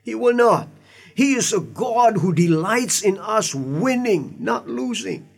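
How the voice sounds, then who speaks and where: High-voiced man preaching earnestly. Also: expressive, slow pace, vocal fry, husky. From Indian heritage. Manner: earnest, emphatic preaching with asides and repeats. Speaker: pastor. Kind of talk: sermon.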